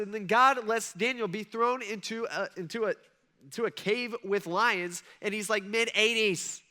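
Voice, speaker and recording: A man preaching with a high, bright voice. He talks loosely and casually and slips into acting out scripture characters in quoted dialogue, then drops back to plain narration. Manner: conversational, acts out the king and Daniel in quoted dialogue. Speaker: pastor. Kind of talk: casual sermon.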